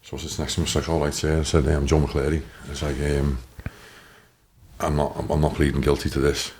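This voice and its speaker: A man in his thirties with a Liverpool accent, telling his story as a podcast guest, animated and swearing, acting out what others said. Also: a bass voice, a little fast, a little hiss or hum. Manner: animated, swears, acts out quotes. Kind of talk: casual storytelling.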